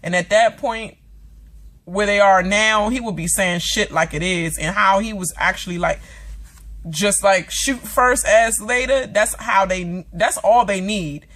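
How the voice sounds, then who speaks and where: A woman's voice: mid-range voice, measured pace, fairly bright tone. A woman talking straight to her viewers in a loose, chatty rant. She is dramatic and swears freely, drops lots of fillers and asides, and slips into voices for the characters she describes. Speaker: vlogger reviewing a TV episode. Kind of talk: casual reaction rant.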